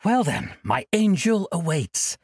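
An eccentric old monk full of wonder and mischief, as a man puts him on. His voice is raised and rough with breath, and it leaps up and down in pitch. Dry and close. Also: sing-song, takes it slowly, no room sound, full character voice. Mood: whimsical. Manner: playful, wondering, grandiose.

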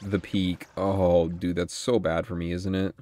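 A young man with a deep, low voice talks through a card game as he plays, thinking aloud and swearing freely when things go wrong. Soft music plays faintly underneath. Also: flat delivery, a little slow. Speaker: gaming channel host. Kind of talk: live gameplay commentary.

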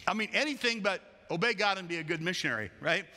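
A man's voice: high-pitched, big pitch swings, fast talker, few pauses, pushed and bright. A man preaching a sermon as pastor in a church, conversational and wry with playful asides. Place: church sanctuary. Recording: long church hall reverb.

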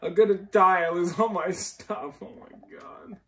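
A man hosting a casual gaming chat with friends, jokey and excitable, often jumping into high-pitched shrieks. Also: unhurried, recorded from a distance. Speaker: gaming channel host.

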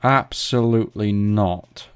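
A man's voice: on the low side, slow, smooth. A man giving casual let's play commentary into a desk mic on a stand, with swearing, panicky outbursts and self-mocking jokes. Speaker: gaming video host.

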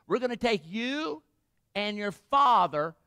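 A man's voice: sits high, expressive, slow, clear, resonant tone, dry recording, pitched above the performer's own voice, full character voice. A man preaching while voicing a group of hostile men threatening a young woman. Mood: menacing. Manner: menacing, shouted threats.

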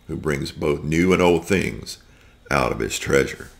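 A man reading as a calm, commanding teacher. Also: rumbling low, unhurried, vocal fry, heavily acted. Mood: firm. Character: calm teacher Jesus, a grown man, authoritative.

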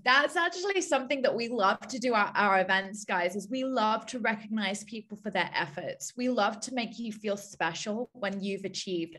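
A woman's voice: mid-range voice, fairly bright tone. A woman hosting a team video call, coaching listeners in an upbeat way and repeating her key points. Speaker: call host.

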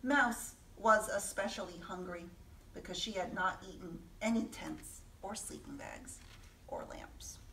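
A woman, a children's librarian, reading a picture book aloud gently and asking the listening children questions. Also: on the low side, unhurried, vocal fry, a little hiss or hum. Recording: echoey room, voice from a distance.

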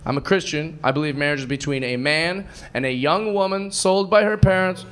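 A man performing stand-up comedy on a club stage, telling stories with animated, mocking voices and a self-assured delivery. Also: fairly high pitch, brisk. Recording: loud crowd noise, club ambience.

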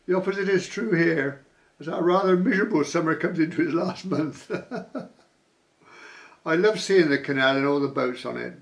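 A man's voice: fairly high pitch, moderate pace, creaky, long pauses. A man vlogging casually, reading viewer comments aloud with dry asides and frequent chuckles.

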